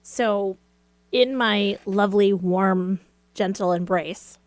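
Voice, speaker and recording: A woman's voice: medium pitch, slow pace, no room sound. A woman co-hosting a relationship podcast, asking playful questions with a joking edge. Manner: playful, asks questions with jokes. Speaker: co-host. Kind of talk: casual podcast chat.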